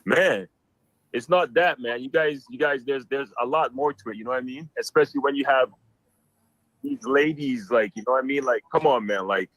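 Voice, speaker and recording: A man's voice: mid-range voice, normal speed, fairly bright tone, no echo, rough recording. A male caller on a call-in show, telling a story in a rowdy, exclamatory way and repeating himself a lot.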